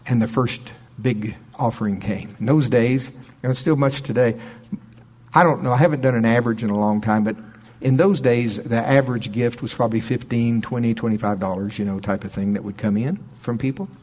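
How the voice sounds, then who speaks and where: A middle-aged man preaching, telling a story in an animated way and acting out quoted people with a raised voice. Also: mid-range voice, a little fast, slightly rough. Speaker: pastor. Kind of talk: sermon storytelling.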